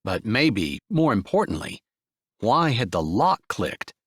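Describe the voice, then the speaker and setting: Guy narrating a romance audiobook, gentle, lots of melody in his voice, dry close sound. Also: lowish voice, big pitch swings, slow, husky, dry recording. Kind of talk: scripted narration.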